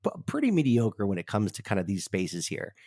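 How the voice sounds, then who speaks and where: A low-voiced man hosts a podcast in a dry, close recording. He talks casually and feels his way through his thoughts, with plenty of fillers and restarts. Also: huge pitch swings, darkish tone, dry recording. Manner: searching, halting phrasing with many fillers. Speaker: podcast host. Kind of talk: casual interview chat.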